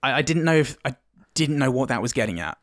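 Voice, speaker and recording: A man's voice: mid-range voice, animated, quick pace, no echo, clean studio sound. A man co-hosting a casual film review chat, jokey and rambling. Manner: jokey, rambling, breaks into silly impressions. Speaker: podcast co-host.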